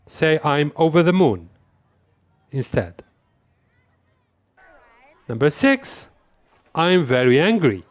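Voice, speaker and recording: A man hosting an English lesson as a quiz, saying each example phrase slowly and deliberately and repeating it. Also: a little high, clear, resonant tone, dry recording. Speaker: English teacher. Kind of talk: quiz-style language lesson.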